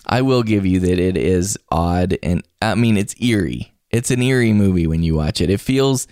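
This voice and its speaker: A man's voice: deep voice, normal speed, a little mellow, clean tone, no echo, studio quality. A man hosting a podcast in easygoing, casual chat, leading the segments and asking questions. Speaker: podcast host.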